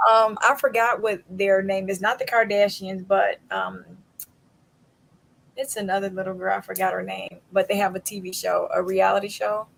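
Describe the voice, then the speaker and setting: Woman podcast host, gravelly edge, chatty, laughs easily, acts out quotes mid-story. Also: medium pitch, fairly even intonation, moderate pace, a little hiss or hum, rough recording. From southern United States. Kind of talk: casual interview chat.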